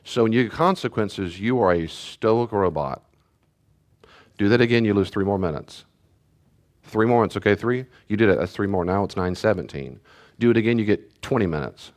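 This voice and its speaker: A male pastor giving a conversational teaching talk with animated storytelling, often laughing and acting out what people said. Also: fairly low pitch, a little fast.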